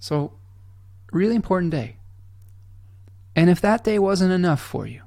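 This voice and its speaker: A man's voice: sits high, lively intonation, measured pace, gravelly, pauses often, no echo, clean studio sound. A man hosting an astrology livestream, talking earnestly and candidly, often checking in with his listeners. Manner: candid and blunt, drops mild swears; emotional, softening to near-whisper at times. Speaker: astrology channel host.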